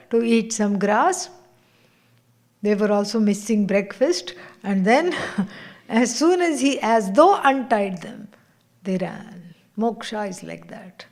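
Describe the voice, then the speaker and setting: Slow, high-voiced woman spiritual teacher. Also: a little mellow. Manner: unhurried, laughs often while telling stories. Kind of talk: scripture class lecture.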